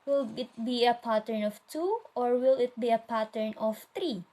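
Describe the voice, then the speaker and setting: A woman's voice: fairly high pitch, moderate pace, warm tone, a little hiss or hum, low-quality recording. A woman with a Filipino accent teaching a recorded lesson on poetry meter, asking questions and reading lines aloud with marked stress.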